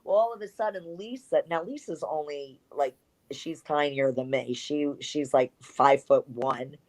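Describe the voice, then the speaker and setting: In an interview, this ex-pro wrestler speaks bluntly and with lots of energy, swearing freely as she shares frank stories. She has a low voice and a slightly slow delivery.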